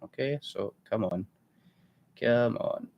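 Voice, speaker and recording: A man's voice: fairly low pitch, takes it slowly, creaky, muffled recording, slight background noise. A man hosting a live trading stream, chatty and blunt, thinking aloud as he works. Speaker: trading livestream host. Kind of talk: casual live trading commentary.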